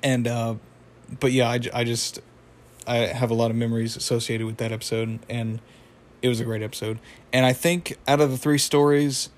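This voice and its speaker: A man's voice: mid-range voice, flat delivery, brisk. A young man casually recapping a cartoon episode, rambling with fillers and laughs.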